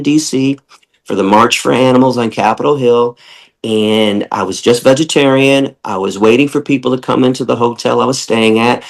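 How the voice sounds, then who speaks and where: A man's voice: medium pitch, gravelly, poor audio. A man from Michigan, a guest on a podcast, talking bluntly and with profanity, ranting and mocking opponents in quoted voices. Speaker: guest, animal rights lecturer. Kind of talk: impassioned podcast interview.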